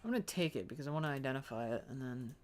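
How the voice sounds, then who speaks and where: A young man hosting a gaming video rambles through casual let's-play commentary, joking to himself about his own gameplay. His mid-range voice is expressive and racing.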